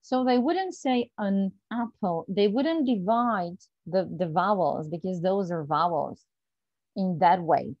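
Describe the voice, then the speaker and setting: A woman whose first language is Bulgarian, teaching an online English pronunciation lesson and slowly repeating example phrases for her students. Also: on the low side, lively intonation, no echo, muffled recording.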